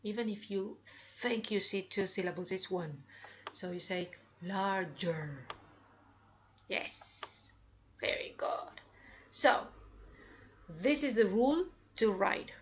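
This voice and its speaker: Slow, upbeat woman teaching English grammar. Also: mid-range voice, expressive, highs cut off. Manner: slow, drawn-out examples with upbeat prompts. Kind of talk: grammar lesson.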